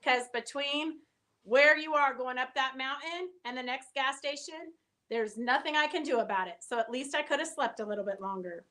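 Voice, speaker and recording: Her high voice sounds bright and pushed, moving at a normal speed. She's a middle-aged woman chatting on a live stream, responding to viewers and telling filler-heavy stories.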